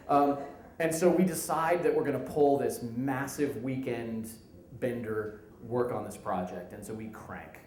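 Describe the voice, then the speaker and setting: A man in his thirties telling a comic work story live on stage, animated, acting out the people in it. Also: medium pitch, measured pace, reverberant, rough recording. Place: stage in a venue.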